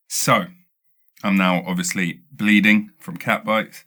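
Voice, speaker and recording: A British podcast host with a fairly low voice speaks at a normal speed. He tells a rambling, animated comic story in a casual way, constantly interrupting himself with stutters and restarts.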